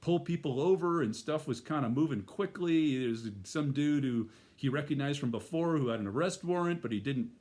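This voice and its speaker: A man's voice: a little high, moderate pace, hardly any pauses, darkish tone. A middle-aged man telling a personal story in a casual, rambling way, full of fillers and restarts.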